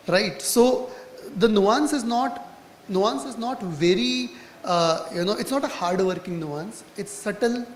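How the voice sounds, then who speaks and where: A man who speaks as a brand marketer on a conference panel, explaining quickly and slipping in Hindi phrases. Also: sits high. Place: conference hall. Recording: echoey hall with faint noise.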